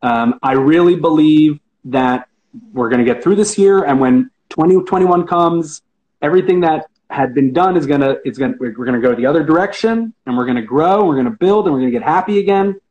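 A man's voice: a little high, lively intonation, a little fast, a little mellow, muffled recording. A man answering interview questions, earnest and optimistic, often hesitating and restarting. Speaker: interview guest, hospitality professional.

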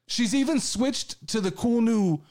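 A man with a fairly high voice hosts a casual chat show. He rants with excitement and swears freely, and his energy keeps rising. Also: measured pace. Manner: excitable, profane ranting. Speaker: podcast host.

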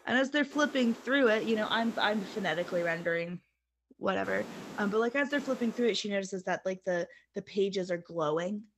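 A woman's voice: medium pitch, animated, a little fast, a little hiss or hum. A woman co-hosting a casual podcast, retelling a story with lots of fillers and acted-out quotes. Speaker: podcast co-host.

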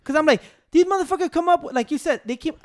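A man's voice: extremely high pitch, quick pace. A man in casual podcast chat, arguing and swearing, calling his friend "bro". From Chicago area. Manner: profane, argumentative, calls his friend "bro".

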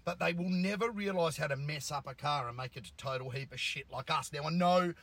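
A middle-aged man with a husky voice, co-hosting a casual car podcast from a car, jokey and laughing often. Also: fairly high pitch, a little fast, fairly bright tone, no echo. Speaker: podcast co-host.

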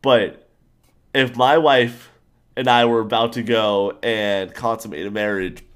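Brief: young adult male co-host, low-pitched, loose and enthusiastic, rambles and spikes up when excited. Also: measured pace, clear, resonant tone. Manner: enthusiastic, rambling, animated outbursts. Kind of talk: casual TV show discussion.

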